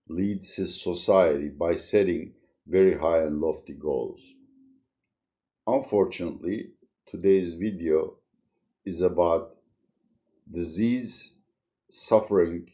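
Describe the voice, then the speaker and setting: Slow, deep-voiced wry man. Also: mellow. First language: Turkish. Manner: wry, sardonic, chuckles through serious points. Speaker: channel host, commentator. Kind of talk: solo video commentary.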